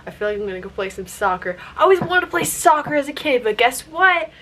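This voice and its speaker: This woman's high, sing-song voice is bright and forceful, quick-paced, with a slight hiss or hum in the audio. A beauty vlogger, she chats playfully during her makeup, drifting into tangents and tossing out rhetorical "guess what" questions.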